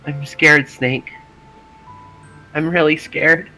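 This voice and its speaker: A man's voice: fairly high pitch, steady tone, slow pace, bright, forceful tone, soft background music, exaggerated voice. Sayori, a man playing a fragile, heartbroken schoolgirl. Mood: scared. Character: shy, fragile teenage girl with a crush. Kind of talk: voice-acted game reading.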